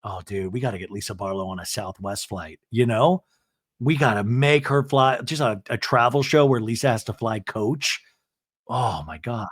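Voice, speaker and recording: A man's voice: medium pitch, moderate pace, dry recording. A man hosting a podcast, recapping a reality show in a chatty, wry way on a close mic. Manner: chatty, wry, drops into playful voices. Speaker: podcast host. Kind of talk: casual recap commentary.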